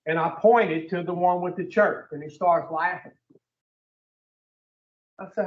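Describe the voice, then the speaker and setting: A man's voice: high-pitched, moderate pace, pauses often, echoey room, far from the mic, phone-quality sound. A man giving a blunt, profane recovery talk to a group, telling his story and putting questions to the room. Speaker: recovery speaker.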